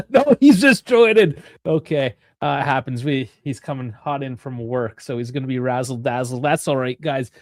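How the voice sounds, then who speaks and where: A man's voice: medium pitch, no echo, clean studio sound. Chatty man hosting a live stream. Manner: chatty, laughs often. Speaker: host. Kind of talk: casual live-stream chat.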